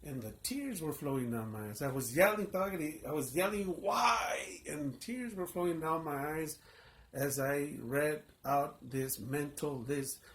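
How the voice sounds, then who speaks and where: A man's voice: a little high, expressive, measured pace. A man, a pastor, telling his personal testimony in an earnest, emotional storytelling manner.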